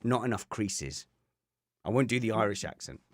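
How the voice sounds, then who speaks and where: A man's voice: fairly low pitch, normal speed, no room sound, studio quality. A man co-hosting a podcast, telling a rambling, wry anecdote in casual chat and often breaking off to restart his sentences. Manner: rambling, self-interrupting, wry. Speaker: podcast co-host.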